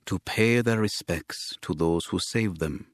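A man voicing a sober, courtly alien official who speaks in a formal, measured, grave way, read as a scripted audiobook. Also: low-pitched, dry recording, studio quality.

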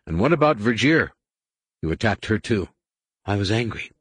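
A man's voice: on the low side, sing-song, moderate pace, husky, dry recording. A man voicing a wounded, furious young woman pilot in an audiobook, speaking bitter and defiant.

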